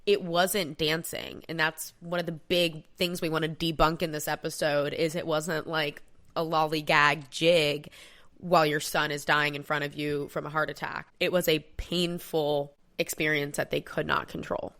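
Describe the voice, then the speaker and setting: A woman's voice: sits low, little pitch movement, normal speed, a bit bright. A woman co-hosting a casual history podcast, explaining events steadily and quoting from sources. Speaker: podcast co-host.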